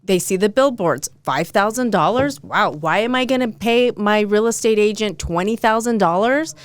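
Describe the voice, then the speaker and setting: A woman's voice: medium pitch, expressive, moderate pace, dry recording. A woman guest on a casual podcast, explaining things in a matter-of-fact way and agreeing readily. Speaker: podcast guest, real estate agent.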